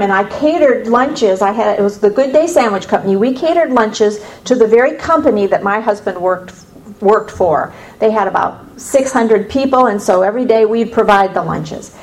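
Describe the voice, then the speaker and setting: A woman from the United States giving a personal faith testimony to an audience, telling it as a lively story with humorous asides. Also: a little high, a little hiss or hum, low-quality recording. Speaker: speaker sharing her faith testimony.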